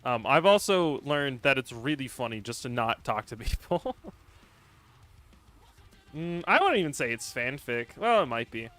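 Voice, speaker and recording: A man's voice: medium pitch, big pitch swings, unhurried, a bit bright. A man streaming live, rambling casually and joking while he reads and answers viewer chat. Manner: rambling, joking, lots of laughs and fillers.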